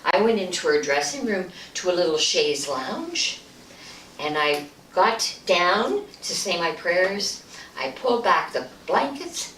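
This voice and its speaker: A woman giving a storytelling speech at a club meeting, acting out the voices and dropping to a hush for punchlines. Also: fairly low pitch, takes it slowly. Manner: animated, acts out voices, hushed at punchlines. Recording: echoey room, distant mic, faint noise.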